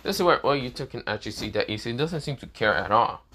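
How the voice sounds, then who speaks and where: A man narrating a fan story in a loose, off-the-cuff way, full of fillers and casual profanity. His pitch is mid-range and a faint hiss sits under the voice. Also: lively intonation, quick pace, sharp tone. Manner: rambling, filler-heavy, profane.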